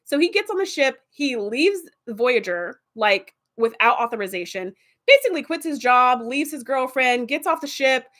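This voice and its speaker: An animated woman hosting a vlog, telling episode plots in a casual, rambling way. Her voice sits fairly high and she fills her talk with "like" and "um.". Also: moderate pace. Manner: animated, chatty, with fillers and laughs. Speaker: TV episode reviewer.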